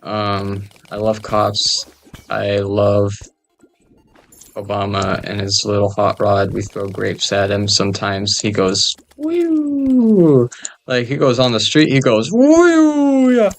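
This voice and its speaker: Low gravelly guy doing slow rambly game commentary, jokey, mumbles a lot. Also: flat delivery, fairly bright tone, slight background noise. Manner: rambling, joking, mumbled asides. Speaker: gamer recording gameplay.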